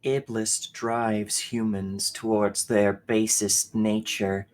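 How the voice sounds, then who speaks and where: A man voicing a cold, hateful ancient female machine ruler in a tabletop role-play, with a slow, contemptuous, seething delivery. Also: on the low side, flat delivery, rough recording. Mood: seething contempt.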